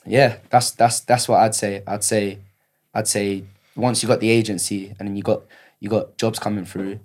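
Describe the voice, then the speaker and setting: A man's voice: lowish voice, little pitch movement, moderate pace, a little mellow. A man, a guest on a podcast, giving casual advice and often repeating words and restarting sentences. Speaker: actor guest.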